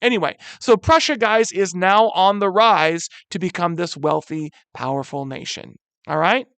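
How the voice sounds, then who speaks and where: High-voiced casual history teacher. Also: male voice, moderate pace, clear, resonant tone, no echo. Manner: casual, addresses students as "guys"; animated, stumbles and corrects himself. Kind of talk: recorded history lesson over slides.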